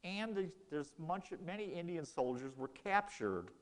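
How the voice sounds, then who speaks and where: A man's voice: on the high side, sing-song, measured pace, big-room sound. A man giving a casual history lecture in a lecture room, telling it as a story and acting out the quoted exchanges.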